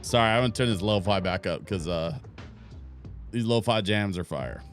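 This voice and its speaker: A man's voice: lowish voice, moderate pace, soft background music. A man casually playing a game on stream, reading on-screen text aloud and chatting as he goes.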